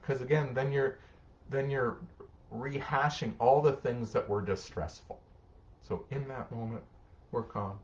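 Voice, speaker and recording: A middle-aged male social worker reads viewer comments on a live stream and offers casual parenting advice. His voice sits on the low side, with the highs cut off and a slight background noise. He's warm and conversational, acting out short exchanges between parent and child.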